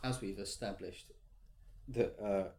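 A man's voice: fairly low pitch, slow pace, warm tone. A man interviewing a guest, asking brief, encouraging questions. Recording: roomy, from off-mic.

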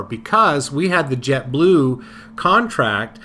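A man telling a personal memory in a casual podcast chat, halting with many fillers and restarts. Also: medium pitch, lively intonation, pushed and bright, slight background noise. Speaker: podcast co-host. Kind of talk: casual conversational storytelling.

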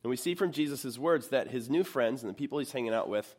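A man's voice: medium pitch, lively intonation, quick pace, a little mellow, breathy edge. A man, a pastor, preaching a sermon in a church in a conversational way and putting questions to the congregation.

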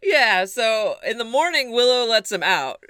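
Podcast co-host, bright and smooth, loose swearing movie recap, dry close sound. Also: medium pitch, sing-song, unhurried, no room sound. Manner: swears freely, recaps the plot with lots of laughs. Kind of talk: casual movie recap chat.

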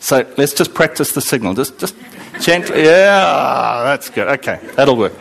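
A man preaching a sermon to a congregation, conversational and animated, joking with his listeners. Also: medium pitch, measured pace, creaky.

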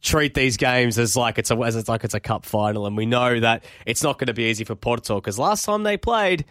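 A man's voice: mid-range voice, fairly even intonation, fairly quick, fairly bright tone, dry recording, studio quality. A man hosting a football podcast in casual chat, upbeat and rambling with fillers. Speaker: podcast host. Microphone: podcast microphone.

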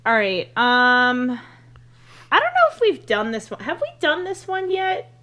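A woman's voice: high-pitched, big pitch swings, unhurried, bright, forceful tone. A woman co-hosting a comedy podcast in casual chat, hesitant and full of "um"s as she builds her points. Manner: hesitant, many "um"s and restarts. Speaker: podcast co-host.

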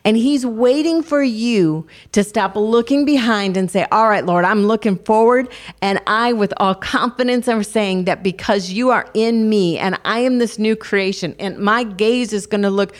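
A woman's voice: medium pitch, moderate pace. An older woman co-hosting a faith talk show, earnestly encouraging listeners with family stories. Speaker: co-host of a Christian talk show. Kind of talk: devotional encouragement.

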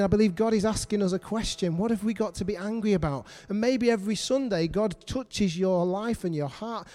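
A man's voice: sits high, mellow. A middle-aged man preaching a sermon, earnest and repetitive, putting questions to the congregation.

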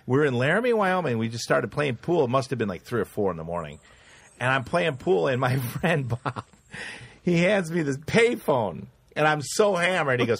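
Animated man telling wild stories. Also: mid-range voice, brisk, slightly rough, dry recording. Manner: animated, acts out voices in his stories, laughs often. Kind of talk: casual storytelling chat.

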